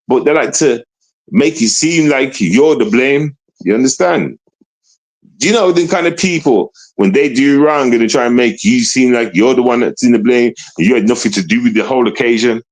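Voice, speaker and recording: A man talking to his live stream in a rambling, profane monologue, confrontational, often asking if listeners understand. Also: low-quality recording. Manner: repetitive, profane, keeps asking "you understand?"; confrontational, swings between low mutter and raised voice. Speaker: livestreamer.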